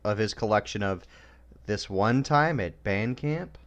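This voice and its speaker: Cast: male co-host, animated voice, dry interjections. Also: on the low side, a little slow, lo-fi sound. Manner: wry, chiming in with quips. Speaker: stream co-host. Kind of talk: casual chat.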